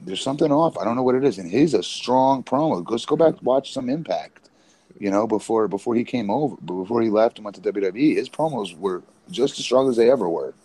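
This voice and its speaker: A man's voice: mid-range voice, expressive, a little fast, mellow, breathy edge, poor audio. A man co-hosting a wrestling podcast, talking casually and rambling with many restarts. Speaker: podcast co-host, former independent wrestler.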